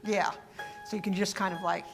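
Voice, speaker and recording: A woman teaching a masterclass, coaching a chamber group with warm praise and short instructions between playing. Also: mid-range voice, fairly even intonation, fairly quick, gravelly, faint music behind. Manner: encouraging, praising often. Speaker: harp teacher leading a masterclass. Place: rehearsal room with instruments.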